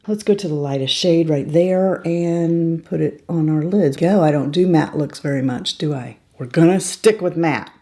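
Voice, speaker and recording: A woman's voice: low-pitched, moderate pace, hardly any pauses, dark tone. A woman over fifty chatting casually to her viewers as she does her makeup in a beauty tutorial. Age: 50s or older. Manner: chatty, talks straight to viewers while applying makeup. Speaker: beauty vlogger.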